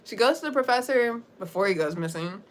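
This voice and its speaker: A woman's voice: mid-range voice, animated, a little fast, a little hiss or hum. A young woman livestreamer recapping a story in a chatty, slangy way, laughing often as she goes.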